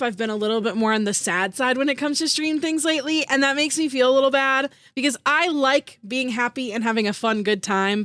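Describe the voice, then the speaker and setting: High-voiced, bubbly woman streamer. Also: a bit bright, no echo, clean studio sound. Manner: bubbly and giggly, heavy on "like" fillers; emotional, voice rising into teary squeals. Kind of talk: casual live-stream chat with viewers.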